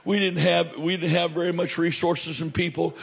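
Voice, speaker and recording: A middle-aged male pastor preaching a sermon, animated, swinging from loud to hushed. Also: a little high, normal speed, creaky, slightly rough.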